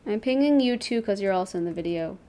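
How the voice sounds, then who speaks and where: A fast-talking young woman with a mellow, medium-pitched voice and lively intonation chats with a friend on her livestream. She's playful and chatty, sprinkling "like" and other fillers throughout.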